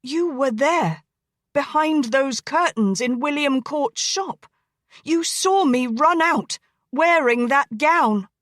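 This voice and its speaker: A woman voicing a frightened young noblewoman who questions a killer in a soft, fearful way. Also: high voice, normal speed, hardly any pauses, no room sound, studio quality.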